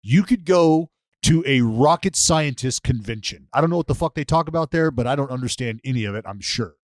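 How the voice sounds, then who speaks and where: A man's voice: mid-range voice, expressive, a little fast, dry recording. A man co-hosting a casual podcast chat, laughing often and swearing casually. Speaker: podcast co-host.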